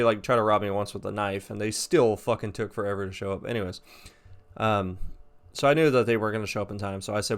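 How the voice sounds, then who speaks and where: A man in his twenties tells a story from his job with a low voice and a loose, profane delivery. He gets animated and raises his voice at the heated parts, then settles back into casual talk. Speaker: vlogger telling a story.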